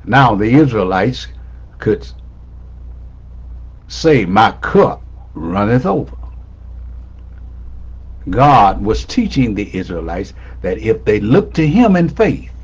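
A man's voice: on the low side, very animated, slow pace, pauses often, husky, dull audio. A man preaching a sermon as pastor, repeating his key lines with rising emphasis. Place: church sanctuary.

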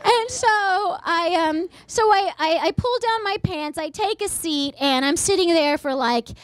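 A woman in her thirties, a comedian and author giving an animated stand-up style book talk at a bookstore event. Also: extremely high pitch, unhurried, no room sound. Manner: animated, voices characters, deadpan asides.

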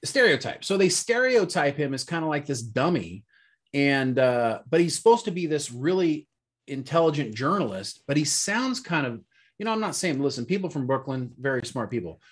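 A man's voice: fairly high pitch, big pitch swings, normal speed, husky. A man co-hosting a casual movie review chat, rambling and searching for words with lots of fillers. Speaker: podcast co-host.

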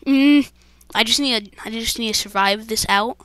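A woman narrating her own game in a let's-play, with a fairly high, bright, sharp voice. She talks slowly and breaks into jumpy, dramatic exclamations as she speaks straight to her viewers. The sound is dry and close. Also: fairly even intonation, no room sound. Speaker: gaming channel host.

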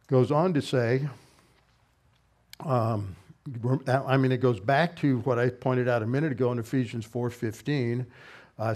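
A man teaches through a passage verse by verse in a sermon. His voice sits at an ordinary middle pitch. He explains the grammar methodically and slows down to stress the words that matter. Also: a little mellow. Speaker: pastor. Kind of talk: expository Bible teaching sermon.

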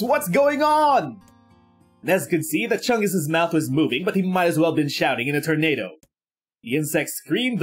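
A man who makes gaming videos, reading a game's text aloud with animated, exclamatory reactions. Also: on the high side, slightly rough.

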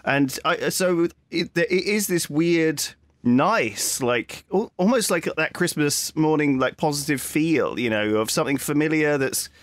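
A man's voice: on the high side, lively intonation, measured pace, few pauses, dry recording. Guy musing on stuff, lots of restarts, really dry close sound. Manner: rambling, reflective, many restarts. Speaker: podcast co-host. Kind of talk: casual chat.

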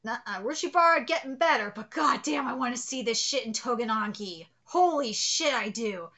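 A woman's voice: on the high side, lively intonation, normal speed, bright, forceful tone. A woman hosting a live manga reaction, gushing and exclamatory and swearing freely as she comments.

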